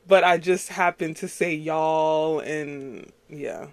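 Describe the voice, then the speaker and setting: A woman's voice: sits low, slow pace, no room sound. A woman from Queens, New York, hosting a casual solo podcast, rambling with lots of fillers and frequent laughs. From Queens, New York City. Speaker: podcast host.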